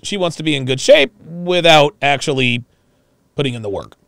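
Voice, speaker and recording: Gravelly, animated man reacting live. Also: a little high, normal speed, dry recording, clean studio sound. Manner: animated, incredulous, mocking, reads chat aloud. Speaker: streamer reacting to a clip.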